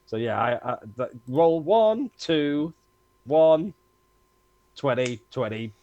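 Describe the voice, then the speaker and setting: A man's voice: fairly high pitch, sing-song, slow pace, no echo, phone-quality sound. Man player with dry close sound. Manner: rambling, self-correcting, playful. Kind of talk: casual tabletop play.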